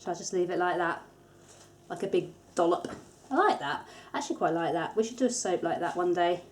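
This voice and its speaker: A woman's voice: lowish voice, lively intonation, a little fast, slight background noise. A woman, hosting a craft tutorial in a casual, chatty manner with light self-deprecating humour. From England. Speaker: soap maker, tutorial host.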